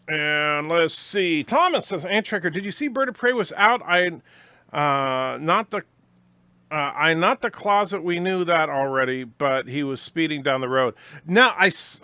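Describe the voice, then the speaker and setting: A man hosting a casual livestream, reading viewer comments aloud and chatting back, low on energy from a sore back, with lots of fillers. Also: bright, forceful tone, clear, resonant tone, dry recording. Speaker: livestream host reading chat.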